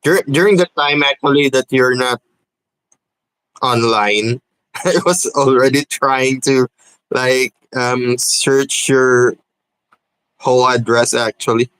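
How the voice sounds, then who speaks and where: A man co-hosting a casual podcast chat, asking his friend halting, teasing questions. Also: mid-range voice, steady tone, a bit bright, clear, resonant tone, no echo, poor audio. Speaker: podcast co-host.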